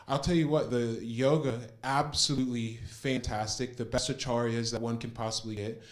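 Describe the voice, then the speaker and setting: A man's voice: medium pitch, fairly even intonation, moderate pace. An earnest young man giving a personal testimonial, retelling a story and repeating words for emphasis. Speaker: program participant giving a testimonial.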